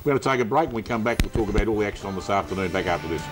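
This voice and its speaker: An Australian man hosting a local football TV panel show, brisk and chatty. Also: fairly low pitch, lively intonation, over music. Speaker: host.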